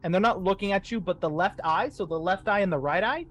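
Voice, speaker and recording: A man running a tabletop horror game as game master, narrating scenes slowly for suspense. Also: sits high, fairly bright tone.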